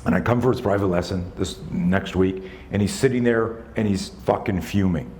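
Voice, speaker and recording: A man in his sixties, a self-defense instructor telling a story in a live talk, animated, conversational and profane. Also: low voice, normal speed, slight background noise. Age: 60s.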